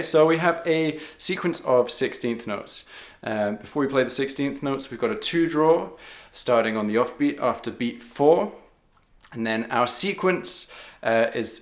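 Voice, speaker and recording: Man, harmonica teacher, patient, counts beats, echoey room, middle pitch. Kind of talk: step-by-step music lesson.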